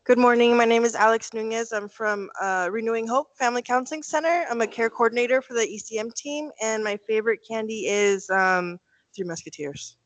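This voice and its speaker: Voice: medium pitch, steady tone, fairly quick, a bit bright, dry recording, highs cut off. A care coordinator gives an upbeat introduction at a meeting. The voice is mid-range and the sound is dry.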